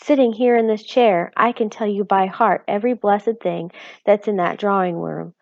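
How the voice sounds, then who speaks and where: A woman's voice: mid-range voice, fairly even intonation, normal speed, gravelly, a little mellow, no room sound, lightly acted. A weary, plain-spoken tiny father from a storybook, as a woman reading aloud puts him on. He talks in a tired, rustic way. The recording sounds dull and dry.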